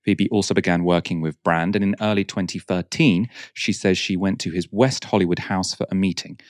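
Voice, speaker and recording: Deep, dry-voiced male documentary narrator. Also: a little fast, dry recording.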